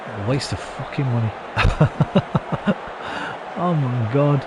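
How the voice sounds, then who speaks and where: A young man commenting on a football management game he is playing, swearing often and venting his frustration in loud bursts. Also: mid-range voice, slow pace, heavy background noise. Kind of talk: casual live commentary while playing.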